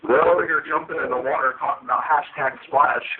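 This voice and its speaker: A man trading crude mocking insults in a voice chat roast, laughing at his own jokes. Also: fairly high pitch. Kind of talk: trash-talk roast over voice chat. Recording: tinny phone-like voice chat with faint noise.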